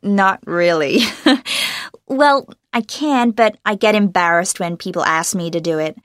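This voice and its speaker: A woman's voice: fairly low pitch, measured pace, no echo, studio quality. A young American woman from Los Angeles, an actress answering interview questions in a bubbly way and laughing often. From Los Angeles, USA.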